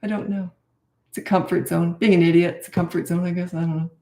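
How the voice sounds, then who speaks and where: A woman in her sixties with a gravelly, creaky edge to her voice answers parenting questions in a candid, self-deprecating chat. Her voice rings in a roomy, echoey space. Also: on the low side, fairly even intonation, fast talker, mellow. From Canada. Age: 60s. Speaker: parenting coach. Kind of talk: live Q&A chat.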